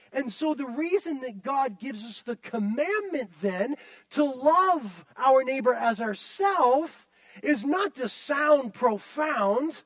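A man's voice: extremely high pitch, no echo. A male pastor delivering a sermon, emphatic and repetitive, often turning to the listeners directly.

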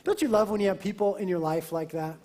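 High-voiced man preaching a sermon. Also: fast. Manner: lively, emphatic preaching with a conversational aside. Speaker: pastor.

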